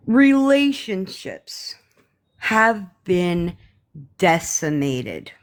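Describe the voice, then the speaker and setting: A woman on a live stream, ranting to her viewers in a heated, profane, sarcastic way, often slowing down to stress her words. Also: a little high, expressive, fairly bright tone. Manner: slow emphatic pauses.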